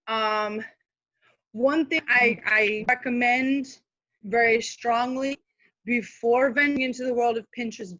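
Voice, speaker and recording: A chatty woman with a fairly high voice gives practical marketing tips as a guest on a live video call. She talks casually, full of fillers and asides. The sound is dry and a little dull. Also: sharp tone, no room sound. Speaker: guest speaker, social media manager.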